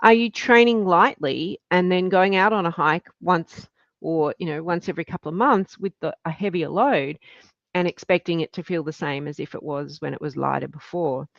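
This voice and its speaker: A woman's voice: lowish voice, normal speed, gravelly, no echo. Aussie lady chatting on a hiking livestream, friendly coach vibe, kinda muffled dry audio. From Australia. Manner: chatty, encouraging, greets viewers by name. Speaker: hiking coach and live stream host. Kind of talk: live stream talk to viewers.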